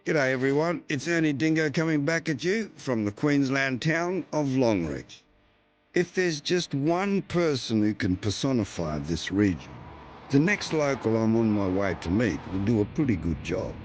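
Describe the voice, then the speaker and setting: A man's voice: mid-range voice, very animated, moderate pace. A man with an Australian accent presenting a travel show, narrating and bantering in a playful, joking way.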